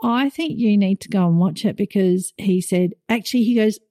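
A middle-aged woman, a podcast co-host telling a story in casual chat, animated and rising in pitch when moved. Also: moderate pace, no room sound, studio quality.

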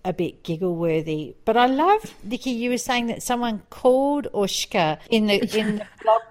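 A middle-aged woman co-hosting a podcast in casual chat, animated and laughing, often mimicking other voices. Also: a little high, moderate pace. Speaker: podcast co-host.

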